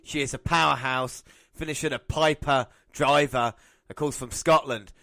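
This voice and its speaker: A man co-hosting a podcast, giving excitable, teasing play-by-play commentary on wrestling and laughing often. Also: medium pitch, moderate pace, creaky, no room sound. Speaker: podcast co-host. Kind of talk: casual wrestling watch-along commentary.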